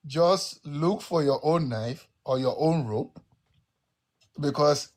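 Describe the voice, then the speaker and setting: A man's voice: fairly high pitch, slow. A man with a Nigerian accent on a casual podcast, arguing bluntly and emphatically with examples. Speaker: podcast co-host.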